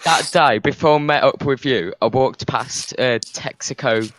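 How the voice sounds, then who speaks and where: A young British man argues his case on a podcast, circling back and restarting as he talks. His voice sits at an ordinary middle pitch. The recording is very dry, close and without room sound. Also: measured pace, a bit bright, dry recording. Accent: British English. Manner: argumentative, rambling with restarts. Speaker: podcast co-host. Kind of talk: casual debate chat.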